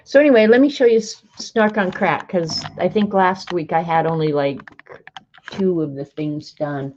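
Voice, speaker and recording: A woman with a lowish voice hosts a relaxed art livestream, greeting viewers by name and reading snarky sayings aloud. Her chat is easygoing and chatty. The stream audio sounds a little dull and lo-fi. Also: moderate pace, a little hiss or hum.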